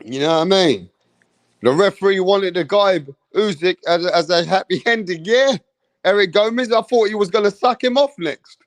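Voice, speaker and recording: Swearing, animated English man ranting. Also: high voice, normal speed, dry recording. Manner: animated, swearing, mocking impressions. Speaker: boxing commentator. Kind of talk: profane comedic rant.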